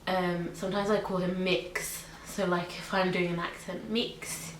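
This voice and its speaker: The voice sits fairly low, level in tone, at a moderate pace. It's a young British or Irish woman vlogging at home about her pets in a casual tag video, using lots of ums and likes, with an echoey room and faint hiss.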